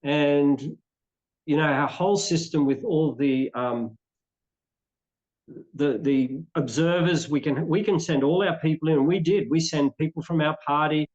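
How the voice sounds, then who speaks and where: A man's voice: on the high side, measured pace, darkish tone, muffled recording. An Australian man giving opinionated answers in an interview, rambling and restarting his sentences often. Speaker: interview guest. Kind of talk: conversational interview.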